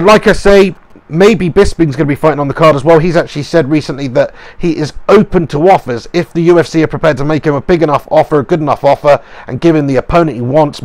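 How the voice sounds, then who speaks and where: A man's voice: a little high, dry recording. A young man giving a casual, opinionated reaction as a channel host, rambling with fillers. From England.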